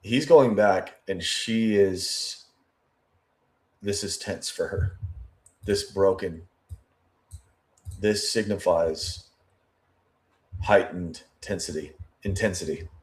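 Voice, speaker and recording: A man with a very deep voice works through an interview transcript in analytical commentary. He talks at an unhurried, deliberate pace. He thinks aloud, corrects himself and circles back to repeat key words.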